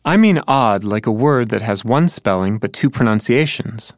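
A man's voice: mid-range voice, lively intonation, moderate pace, no echo, clean studio sound. A man in a scripted teaching dialogue who answers questions and explains examples in turn. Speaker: co-presenter.

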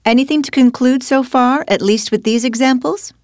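A woman's voice: high-pitched, normal speed, no echo, clean studio sound. A woman teaching spelling in a scripted dialogue, guiding her partner patiently with questions. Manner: patient, questioning, guides with prompts. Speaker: language teacher.

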